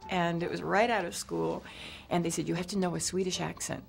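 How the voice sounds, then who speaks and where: A woman's voice: lowish voice, steady tone, a little fast, creaky, faint music behind. A woman in her sixties, an actress, recalling her past work cheerfully in an interview. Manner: cheerful, laughs while recalling. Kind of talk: interview recollection.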